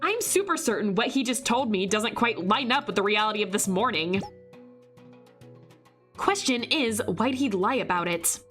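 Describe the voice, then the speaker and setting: A brash young female detective, as a hoarse woman reads her lines aloud from a mystery visual novel, talking in a sarcastic, slangy way that drips with suspicion. Her voice sits at an ordinary pitch, with faint music playing underneath. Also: animated, normal speed, a bit bright, natural voice. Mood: wry, suspicious.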